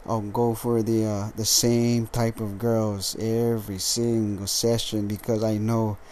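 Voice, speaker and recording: A lethargic man talks through his solo podcast in a slightly low voice, tripping over his words and restarting often. He swears casually as he goes. A faint noise sits under the recording. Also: little pitch movement, darkish tone. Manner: rambling, halting, with frequent restarts and swearing. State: tired and lethargic. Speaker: podcast host.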